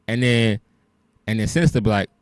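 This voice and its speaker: A man's voice: lowish voice, brisk, no echo. A man co-hosting a podcast, chatting casually in a loose storytelling way and laughing often. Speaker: podcast co-host. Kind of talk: casual chat.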